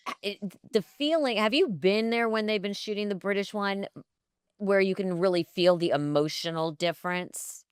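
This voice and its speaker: A woman's voice: medium pitch, moderate pace, smooth, no echo, studio quality. A woman in her fifties hosting a casual interview, wry and conversational as she asks questions. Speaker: host.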